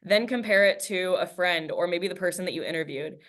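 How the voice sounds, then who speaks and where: A woman's voice: lowish voice, brisk, fairly bright tone. A woman teacher giving a recorded class lesson, chatting with students and reading a book aloud, acting out the quoted dialogue. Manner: conversational, acts out quoted dialogue while reading.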